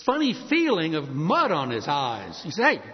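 A male preacher telling a story in a sermon, animated and acting out the scenes. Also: a little high, normal speed. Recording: dull recording with long hall reverb.

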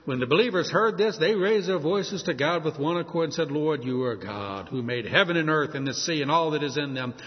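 Male preacher, fairly high, husky voice with a lot of pitch movement; expository sermon in a reverberant hall, slightly muffled recording. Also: expressive, a little fast, few pauses. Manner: expository, reads scripture aloud and explains it. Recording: echoey hall, dull lo-fi sound.

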